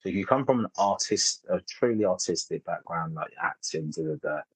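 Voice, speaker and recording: A comedian in his thirties, guesting on a casual interview, tells stories in a low, expressive, slightly rough voice at a brisk clip. He rambles, interrupts himself and laughs often, captured in a dry, rough recording.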